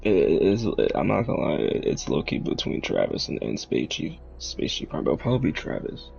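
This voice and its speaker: A man hosting a casual stream chat with friends, slangy and quick to laugh. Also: a bass voice, very animated, creaky, darkish tone. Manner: laughing often, slangy, trails off in restarts. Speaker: streamer host. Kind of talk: casual group chat reacting to posts. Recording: dull lo-fi mic with faint noise.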